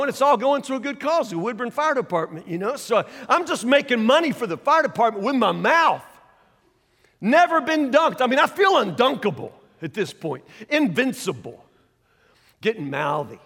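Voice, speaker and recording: A man preaching a sermon, telling a folksy story with animated, loud bursts and saying y'all. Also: high-pitched, creaky. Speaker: pastor. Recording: long hall reverb.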